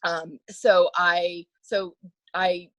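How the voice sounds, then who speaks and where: A woman guest telling a story in a casual interview, animated and laughing often, acting out the voices of others, with many filler words. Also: lowish voice, drawn-out words, no echo, poor audio. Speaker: podcast guest.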